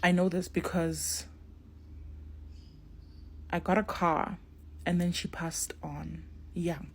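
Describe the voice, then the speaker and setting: A woman's voice: on the low side, flat delivery, slow pace, slightly rough. A young woman tells a spiritual story casually to her viewers and acts out the dialogue. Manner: acts out dialogue in shifting voices, talks straight to viewers.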